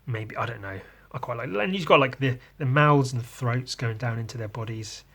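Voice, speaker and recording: Male host, casual and crude, rambling jokes at a middle pitch. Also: expressive, fairly quick, a bit bright, breathy edge. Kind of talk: casual chat.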